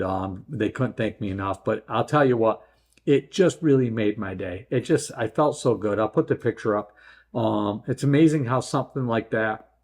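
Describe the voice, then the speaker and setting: A middle-aged man hosting a story channel, chatting casually and rambling with many fillers and restarts. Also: fairly low pitch. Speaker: host. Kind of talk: casual chat.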